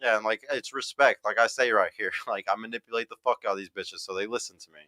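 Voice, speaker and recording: Blunt, bright-voiced man reacting on a stream. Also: on the low side, fast talker, dry recording, rough recording. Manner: reads chat comments aloud, blunt and profane. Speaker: livestream host reacting to a clip. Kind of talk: casual reaction commentary.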